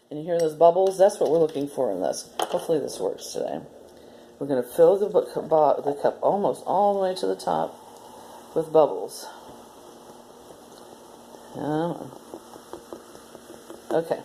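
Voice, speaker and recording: A woman hosting a children's story time, reading a story aloud and gently explaining a simple demo step by step. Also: low voice, a little hiss or hum.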